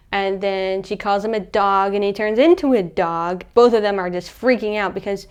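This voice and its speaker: A young woman casually recapping a movie in a chatty, animated way, acting out the characters' lines. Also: medium pitch, moderate pace, few pauses, clean tone. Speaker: movie reviewer.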